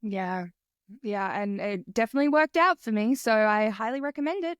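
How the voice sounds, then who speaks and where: A woman's voice: on the high side, animated, normal speed, smooth, no echo, studio quality. A woman hosting a podcast interview, enthusiastic and casual, swearing freely and acting out quotes. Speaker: podcast host.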